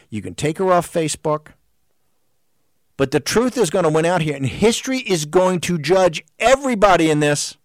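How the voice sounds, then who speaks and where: Male host, heated combative monologue, slightly high voice, dry close sound. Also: dry recording. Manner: rapid-fire rhetorical questions. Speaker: talk show host. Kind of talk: political talk show monologue.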